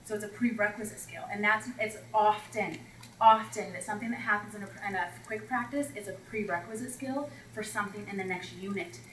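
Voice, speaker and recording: Leading teachers through classroom routines, a female math coach stays chatty and animated, dramatizing moments with students. Her medium-pitched voice moves fairly quickly. A little hiss or hum, a roomy echo, distance from the mic, and faint ambience mark the recording.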